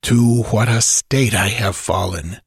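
A man's voice: low voice, a little slow, husky, no room sound, clean studio sound, exaggerated voice. A man reading an audiobook, voicing a bitter, hateful enslaved sorcerer who growls his words.

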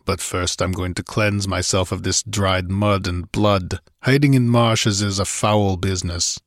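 A gruff barbarian warrior talks bluntly in a storybook reading, as a male narrator does his voice. The voice is low and plain-spoken, with a grunting edge. It is recorded close and dry. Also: fairly even intonation, measured pace, no echo.

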